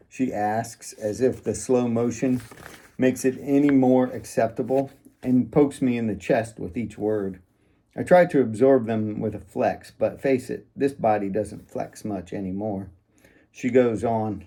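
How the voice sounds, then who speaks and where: A man's voice: medium pitch, measured pace, dark tone. A man reading first-person fiction aloud in a wry, sardonic manner. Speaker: audiobook narrator.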